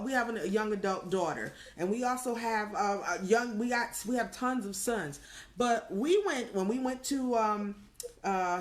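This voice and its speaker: A woman's voice: on the high side, reverberant. A middle-aged woman co-hosting a live call-in show, talking casually and telling stories, acting out what people said. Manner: animated storyteller, acts out quotes. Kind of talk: casual chat, storytelling. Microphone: video call.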